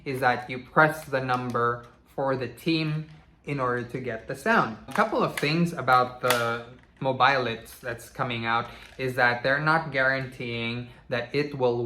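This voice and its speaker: A man talks through a toy review in a loose, chatty way, scattering casual asides as he goes. His voice is bright and forward, and it rings off the walls of an echoey room. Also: mid-range voice, slight background noise. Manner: chatty, relaxed, many "you know" asides. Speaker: toy reviewer, channel host.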